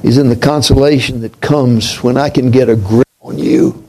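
A man preaching a sermon in a slow, reflective way, dropping to a hush on key points. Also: medium pitch, fairly even intonation, poor audio.

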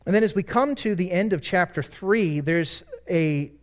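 A man's voice: high voice, moderate pace. A man preaching a sermon, earnest and conversational, rising to emphatic peaks and dropping into casual asides. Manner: conversational asides and self-corrections. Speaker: pastor.

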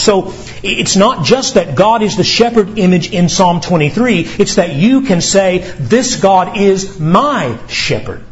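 A man preaching a sermon in an earnest, deliberate way, rising in emphasis when he asks questions. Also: high-pitched, highs cut off. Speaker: pastor.

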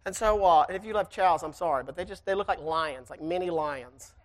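A preacher telling a personal story to the church in a folksy, animated way and then preaching fervently. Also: medium pitch, brisk.

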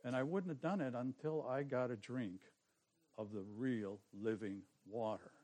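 A man preaching a sermon, telling his own testimony in an earnest way that swings from soft, hushed passages to forceful ones. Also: mid-range voice, unhurried.

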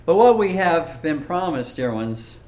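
Slow, earnest male preacher. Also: on the high side, very animated, a little mellow, roomy sound. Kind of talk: sermon.

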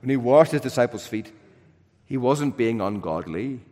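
This sermon comes from a man with a medium-pitched, expressive voice speaking at a normal rate. He shifts dynamically between loud, emphatic lines and quiet, hushed moments, and the big hall gives it a long, lingering reverb.

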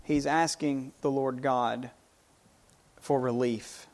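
Slow-spoken male preacher. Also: mid-range voice, fairly even intonation, a little mellow. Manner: unhurried, repeats and restarts phrases. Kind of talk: sermon.

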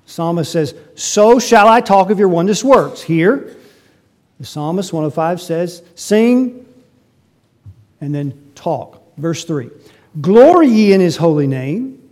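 A man preaching from the pulpit in a fairly high voice. He rises to loud, emphatic peaks, then drops to quiet, almost conversational asides. The delivery is animated and teacherly. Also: slow pace. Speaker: pastor. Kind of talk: sermon.

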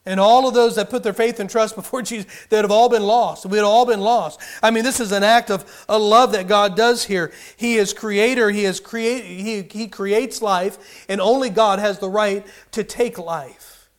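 Casting: male pastor, higher voice, earnest sermon delivery with rising emphasis and frequent restarts. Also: fairly even intonation, normal speed.

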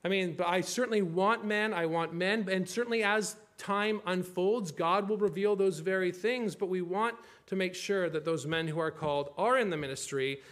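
A man pastor preaching a sermon, emphatic and full of rhetorical questions, slowing down to read scripture and the confession aloud. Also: high-pitched, fairly bright tone.

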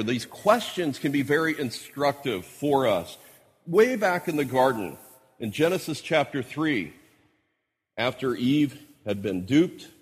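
A man's voice: medium pitch, breathy edge. A man preaching an expository sermon, quoting scripture as he explains the text. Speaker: pastor. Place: church hall. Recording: church hall recording with long reverb.

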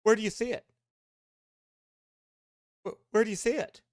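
A man's voice: high voice, fairly even intonation, normal speed, a little mellow, no room sound, studio quality, natural voice. A man voicing a mocked older male pastor, repeating the same incredulous question in a sing-song, needling way. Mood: mocking. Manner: mocking, sing-song repetition.

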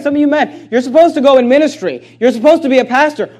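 A man preaches a sermon with an unusually high-pitched voice. He swings between loud, forceful outbursts and quiet, low asides. He mimics people's excuses in a whiny tone before answering them bluntly. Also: animated, quick pace, few pauses. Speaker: pastor.

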